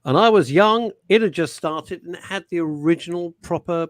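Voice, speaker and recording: A man's voice: a little high, moderate pace, no room sound. A man hosting a talk show, bantering and teasing in a theatrical way. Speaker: host.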